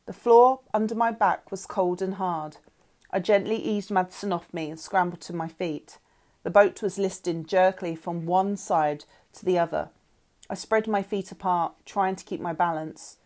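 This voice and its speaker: A woman, a teacher reading chapters of a novel aloud to her class with expressive storytelling. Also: lowish voice, normal speed.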